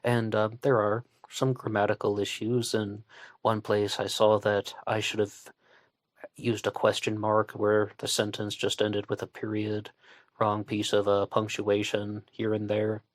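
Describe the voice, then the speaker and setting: A man with a fairly low voice hosts his show in a relaxed monologue. He meets critics with dry sarcasm. The sound is close and dead, with no room in it. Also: unhurried, dry recording. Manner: conversational, with sarcastic asides. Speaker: online radio show host. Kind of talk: casual monologue.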